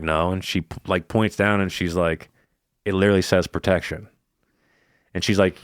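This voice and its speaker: A low-pitched man with a smooth, clear voice tells a story to his podcast co-host. He swears casually and slips into quoting what others said. The sound is dry and close to the mic. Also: no echo. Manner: profane, animated retelling with quoted dialogue. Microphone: podcast microphone.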